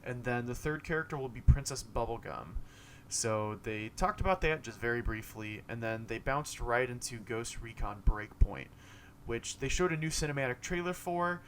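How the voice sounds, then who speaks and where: A man's voice: mid-range voice, lively intonation, normal speed, a bit bright, slight background noise. A young man casually recapping a game showcase, rambling, with many fillers and self-corrections. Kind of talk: casual commentary monologue.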